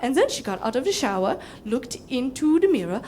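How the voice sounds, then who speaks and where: A woman's voice: high-pitched, very animated, fairly quick, a little mellow, slight background noise. A young woman doing stand-up, telling a story with casual swearing and frequent giggles. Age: young adult. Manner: giggly, breaks into laughter. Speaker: comedian.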